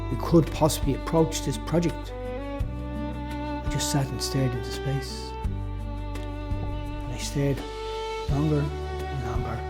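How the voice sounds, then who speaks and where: A man's voice: fairly high pitch, warm tone. A man reading his own story aloud as a reflective, first-person audiobook narration.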